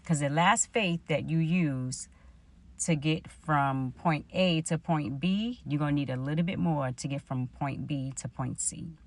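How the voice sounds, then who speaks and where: A woman's voice: low voice, unhurried. A woman, telling a personal faith story and acting out her own past conversations. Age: 40s. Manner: storytelling, animated retelling of her own dialogue. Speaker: vlogger.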